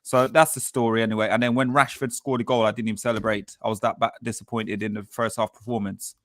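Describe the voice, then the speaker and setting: A man hosting a casual football fan chat show, telling stories and acting out quotes with lively energy. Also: on the low side, fast talker, dry recording, studio quality. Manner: animated storytelling, acts out quotes. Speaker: podcast host.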